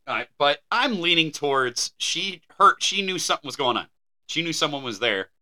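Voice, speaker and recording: A man co-hosting a podcast rambles, laughs and stumbles while reading an old article aloud. His voice is slightly high. It has a very bright, sharp tone. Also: very animated, normal speed. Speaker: podcast co-host. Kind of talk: casual chat.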